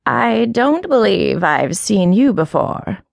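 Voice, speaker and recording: A woman voicing a scornful old female alley cat with a deep, raspy, taunting voice and a slow sing-song delivery. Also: big pitch swings, no echo, full character voice.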